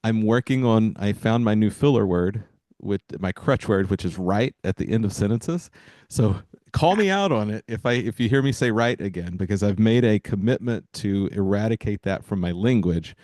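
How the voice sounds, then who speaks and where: A man hosting a podcast with a lowish voice, speaking in an encouraging, reflective manner, as if coaching his listeners. The sound is dry and close, with no room echo. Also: normal speed, a little mellow. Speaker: podcast host. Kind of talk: casual podcast conversation.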